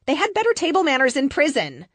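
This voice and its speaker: Woman doing a sassy young heroine, teasing, high bright voice, audiobook. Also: huge pitch swings, no echo, studio quality. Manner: teasing and quick.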